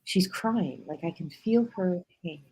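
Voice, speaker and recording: A woman's voice: lowish voice, lively intonation, unhurried, darkish tone, breathy edge, poor audio. A woman hosting a talk show, speaking emotionally and spiritually and apologizing as she hands over the floor. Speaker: host. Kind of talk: casual chat.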